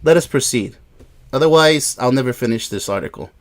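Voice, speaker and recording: A man's voice: medium pitch, lively intonation, a little fast. A man giving a sarcastic, exasperated reaction commentary while reading an article aloud, with frequent incredulous exclamations. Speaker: relationship commentator.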